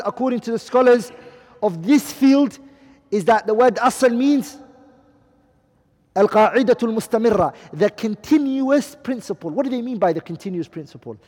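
A man with a high voice teaches a class and checks often that his students are following. He says each Arabic term, then gives its English meaning. The sound carries a long hall reverb. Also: darkish tone. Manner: asks the class questions, repeats and translates Arabic terms. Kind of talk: classroom lecture.

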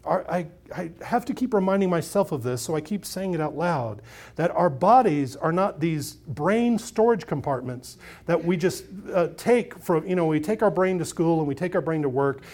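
Preaching in a conversational style, this middle-aged pastor speaks at a moderate pace in an animated, fairly high voice. He moves from loud, emphatic moments to quiet asides and frequently repeats or restarts his phrases.

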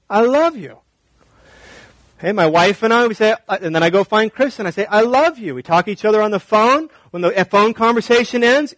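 A man in his thirties preaching a sermon, swinging from hushed, intimate talk to raised, emphatic repetition. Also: high voice, dry recording, low-quality recording. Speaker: pastor.

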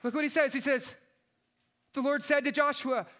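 Male pastor in his thirties, high bright voice, preaching with fervor and dropping to near-hushed tones. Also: flat delivery, moderate pace. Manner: impassioned preaching, shouting at peaks then dropping soft. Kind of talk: sermon.

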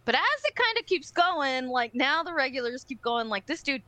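Bright, high-voiced woman telling a story. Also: moderate pace, dry recording, low-quality recording. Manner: animated, profane, acts out other people's voices. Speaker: podcast co-host. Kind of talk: casual storytelling chat.

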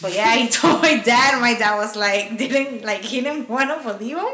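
A woman's voice: a little high, moderate pace, pushed and bright, a little hiss or hum. A woman casually telling a story in a profane, laughing way, slipping in Spanish phrases. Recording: roomy echo.

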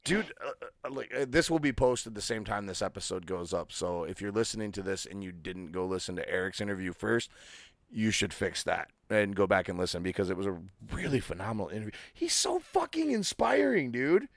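A man's voice: fairly low pitch, expressive, brisk, no echo. A young man from Michigan co-hosting a podcast, joking and swearing through loose banter. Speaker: podcast co-host. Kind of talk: casual chat.

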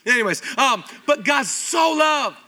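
Animated, bright-voiced male pastor. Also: very high-pitched, a little slow. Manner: animated, conversational preaching with repetition. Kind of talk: sermon. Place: church auditorium.

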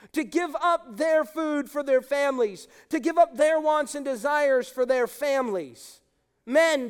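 A middle-aged male pastor preaching an emphatic, impassioned sermon to his congregation. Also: extremely high pitch. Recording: long hall reverb.

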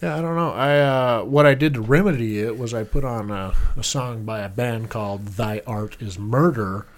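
A man's voice: medium pitch, normal speed. A young man co-hosting a podcast, telling a rambling story in casual banter, crude and teasing. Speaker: podcast co-host.

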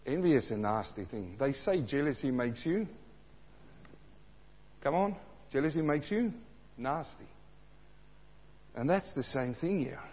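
A man from South Africa preaching a sermon, animated, repeating lines for emphasis and acting out the voices he quotes. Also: medium pitch, unhurried, long pauses, breathy edge. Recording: dull sound in a large reverberant hall.

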